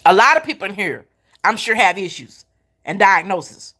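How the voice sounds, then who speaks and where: A middle-aged woman delivers a faith-based pep talk as a motivational speaker, her medium-pitched voice bright and forceful with lively intonation at a moderate pace. She drives her points home through emphatic repetition and folksy Southern-style phrasing, calling the listener baby and honey.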